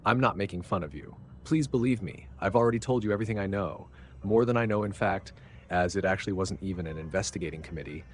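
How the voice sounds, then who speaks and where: A man's voice: low-pitched, fast talker, slight background noise, lightly acted. A man reads the part of an earnest, flustered male clerk who insists on being believed. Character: earnest, bewildered arrested bank clerk, a man.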